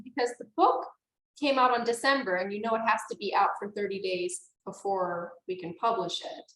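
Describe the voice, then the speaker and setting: An enthusiastic woman in her forties talks about her writing as an interview guest, quick to laugh. Her voice carries a roomy echo. Her pitch sits in the middle of the range. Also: fairly even intonation, fairly bright tone. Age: 40s. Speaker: author guest. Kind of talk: casual interview chat.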